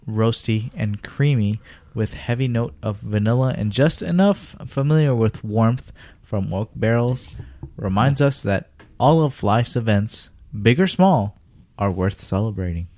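A man co-hosting a casual beer-tasting podcast, talking haltingly with many pauses and restarts. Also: on the low side, expressive, darkish tone, no echo. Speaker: podcast co-host.

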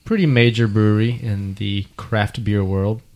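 A man's voice: on the low side, fairly even intonation, a little slow, a little mellow. A man hosting a casual beer-tasting chat, explaining each beer at length. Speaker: beer podcast host.

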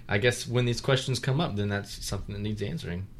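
An easygoing man with a fairly low voice chats casually on a beer-tasting podcast. He jokes with his co-hosts and trails off into fillers. A faint hum of room noise sits underneath. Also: fairly quick. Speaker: podcast co-host.

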